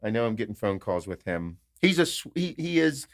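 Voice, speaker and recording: A man hosting a podcast, his voice lowish and a little fast, tells family stories casually and animatedly. Frequent swearing and acted-out quotes fill his talk, captured in clean studio sound with no echo.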